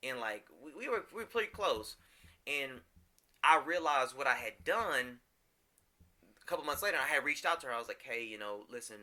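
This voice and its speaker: A man's voice: on the high side, big pitch swings, normal speed, long pauses, bright, forceful tone. A man co-hosting a casual podcast, talking openly about his feelings with frequent restarts and fillers. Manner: candid, emotional, rambling with many restarts. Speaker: podcast co-host.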